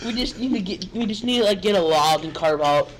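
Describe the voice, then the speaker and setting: A man's voice: high voice, lively intonation, a little fast, rough recording. A man joking around as a player in a tabletop game. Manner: goofy, joking. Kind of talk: casual chat while playing.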